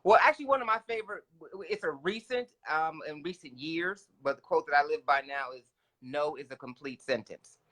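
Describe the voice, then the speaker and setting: Male co-host, bright tone, slightly high voice, animated advice-giver who cuts in with asides. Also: a little fast. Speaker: podcast co-host. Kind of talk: casual advice chat.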